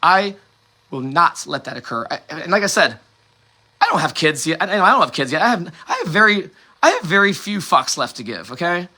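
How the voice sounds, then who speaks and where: A man's voice: fairly high pitch, very animated, moderate pace, sharp tone. A man from the United States hosting a solo monologue, impassioned and rambling, swearing often and restarting his sentences. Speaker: host.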